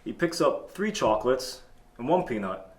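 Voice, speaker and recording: A man hosting a comedy talk show, telling a boastful tall tale in a deadpan way. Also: mid-range voice, normal speed. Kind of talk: comedic storytelling. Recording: echoey room.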